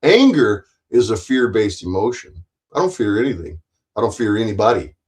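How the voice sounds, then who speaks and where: A man's voice: on the low side, big pitch swings, moderate pace, poor audio. Profane, taunting livestream man. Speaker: livestream host. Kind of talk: livestream chat rant.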